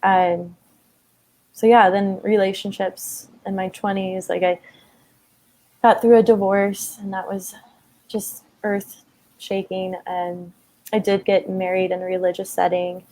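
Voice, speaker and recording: A woman's voice: medium pitch, little pitch movement, a little slow, pauses often, dark tone. A woman in her thirties telling a personal story in a conversation, open and emotional, with many fillers. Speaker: guest.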